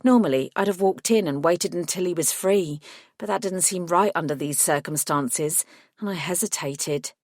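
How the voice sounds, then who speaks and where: A woman reading a first-person fantasy audiobook in a measured, even storytelling voice. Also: lowish voice, no echo, clean studio sound. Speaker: audiobook narrator.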